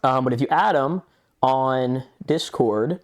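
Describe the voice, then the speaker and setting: A man's voice: medium pitch, takes it slowly. A young man co-hosting a podcast in casual chat, telling a rambling story, acting out chat messages and swearing often. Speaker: podcast co-host.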